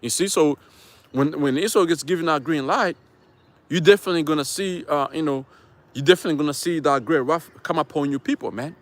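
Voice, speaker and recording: A man's voice: on the high side, a little fast, dry recording. A man preaching from scripture on a live stream, rambling and emphatic, with frequent profanity and fillers, outdoors near traffic. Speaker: street preacher.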